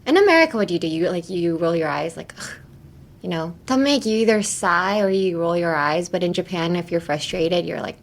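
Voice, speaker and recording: A woman's voice: on the low side, lively intonation, a little fast. A young woman hosting a casual English pronunciation lesson, chatty and laughing often, full of fillers. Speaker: English teacher and podcast host.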